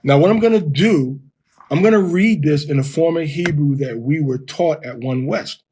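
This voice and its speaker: A man giving an informal lesson, explaining step by step and sounding words out slowly. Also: a little high, darkish tone, a little hiss or hum. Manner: explains step by step, reads verses aloud slowly. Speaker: Hebrew teacher.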